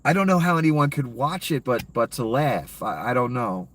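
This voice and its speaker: A man's voice: mid-range voice, big pitch swings, normal speed, recorded from a distance. A man delivering a heated, profane, sarcastic political rant as a commentator.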